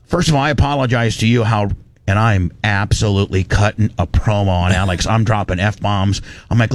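A man's voice: fairly low pitch, a little fast, dry recording. Heated male radio host, dry studio sound. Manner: heated, blunt, rambling with restarts. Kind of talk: on-air storytelling rant. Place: broadcast studio. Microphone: studio microphone.

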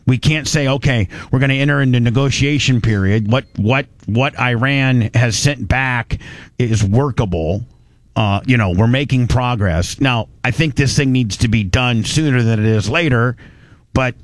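A man's voice: mid-range voice, dry recording. Sarcastic blunt talk radio man. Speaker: radio show host. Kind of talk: mocking talk radio commentary.

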